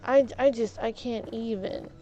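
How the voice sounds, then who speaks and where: A woman's voice: fairly high pitch, fairly even intonation, a little slow, mellow, faint music behind. A woman livestreamer chatting casually while gaming, indignant and heated, often stumbling over repeated words.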